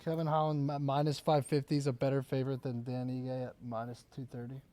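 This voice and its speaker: A man's voice: mid-range voice, level tone, fast, warm tone. A man hosting a call-in betting show, chatting casually and joking with callers in slang. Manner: laid-back, joking, slangy. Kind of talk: casual chat.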